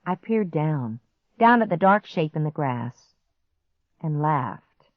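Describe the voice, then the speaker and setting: A woman narrating a children's story in the first person, slow and expressive. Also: sits low, no room sound. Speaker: audiobook narrator. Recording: dry, slightly muffled audiobook recording.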